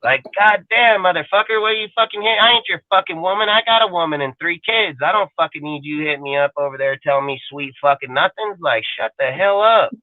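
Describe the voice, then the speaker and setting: Profane fan-show ranter: high-pitched man, crude and combative, dry narrow phone-like sound. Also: fairly quick, few pauses, dry recording. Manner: loud, crude, combative, swears constantly. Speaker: co-host of a sports fan talk show. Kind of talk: profane ranting sports talk.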